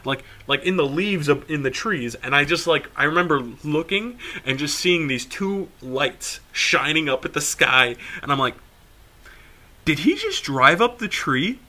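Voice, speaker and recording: Bright-voiced young man telling a story. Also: on the high side, moderate pace, hardly any pauses. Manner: animated, swears a lot, laughs while telling. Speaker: podcast co-host. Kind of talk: casual storytelling.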